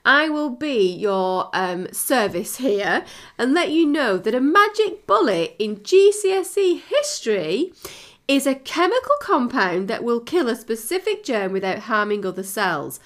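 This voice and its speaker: A middle-aged woman with a high voice that swoops up and down, telling a story in relaxed podcast chat. She is animated and laughs easily as she goes, and her voice keeps climbing to a high pitch and dropping again. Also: a little slow. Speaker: podcast co-host. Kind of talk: casual chat.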